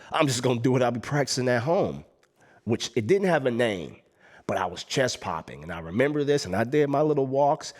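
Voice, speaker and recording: A man from Los Angeles animatedly tells a story about his past, acting out his own and other people's lines with big, sudden jumps in pitch and volume. He speaks in slang and laughs between lines now and then.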